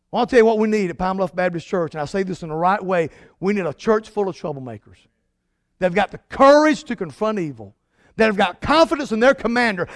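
A man preaching a sermon as pastor, emphatic, swinging from loud declarations to hushed lines. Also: extremely high pitch, no echo, clean studio sound.

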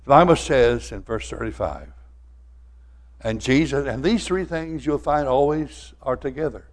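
An older man preaching a sermon, telling folksy stories and swinging from loud to soft. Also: medium pitch, unhurried. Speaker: pastor.

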